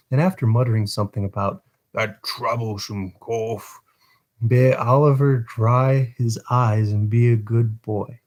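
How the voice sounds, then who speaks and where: A man's voice: medium pitch, dark tone. A man reading a novel aloud on a casual livestream, chatting between passages and stumbling over words.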